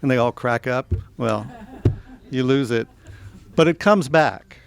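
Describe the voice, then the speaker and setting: A man's voice: mid-range voice, a little slow, smooth. A middle-aged man from the American South giving a conversational, self-deprecating author talk at a bookstore. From American South, Tennessee and Georgia. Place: bookstore event space.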